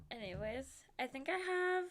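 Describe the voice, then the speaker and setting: Bright, animated young woman streamer. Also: high-pitched, slight background noise. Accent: put-on Boston. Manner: animated and self-deprecating, acts out quotes, giggles often. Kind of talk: casual chat. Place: home streaming setup.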